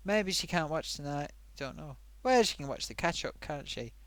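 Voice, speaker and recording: Male live-stream host, higher voice, very lively pitch, rambling and self-amused, dry close sound. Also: moderate pace, dry recording. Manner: rambling, chatty, self-amused, many fillers. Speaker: live-stream host reading viewer comments. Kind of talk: casual live-stream chat.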